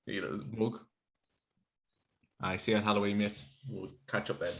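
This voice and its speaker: A man's voice: fairly low pitch, brisk, pauses often, fairly bright tone. A man, co-hosting a podcast, chatting casually over beers with rambling, laughing banter. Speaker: podcast co-host. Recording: echoey room.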